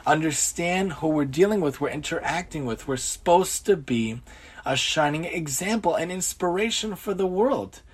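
A man's voice: a little high, lively intonation, normal speed, husky. A man giving an earnest religious lecture on daily conduct, asking rhetorical questions and mixing in Hebrew and Yiddish terms. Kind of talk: Torah lecture on everyday conduct.

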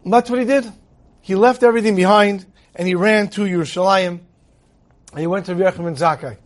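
A man with a high voice teaches a Torah lesson, moving from explanation into a long story. He tells it with animation and acts out each character's lines. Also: fast. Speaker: rabbi teaching.

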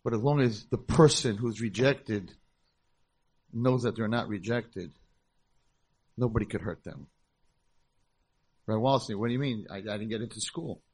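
A man's voice: fairly low pitch, normal speed, pauses often, husky. A middle-aged man, a rabbi, telling stories in a conference talk and acting out the people in them. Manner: animated storyteller, acts out voices. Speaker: rabbi and school founder.

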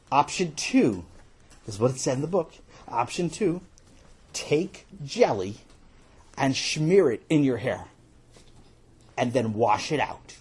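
A man telling a children's story in an animated, playful way, with casual asides. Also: medium pitch, slightly rough.

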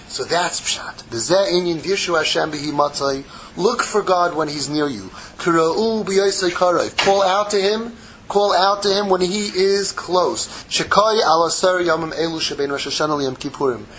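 A man giving a casual, animated Torah class, acting out little dialogues and dropping in Hebrew phrases. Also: on the high side, a little hiss or hum, poor audio. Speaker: Torah teacher.

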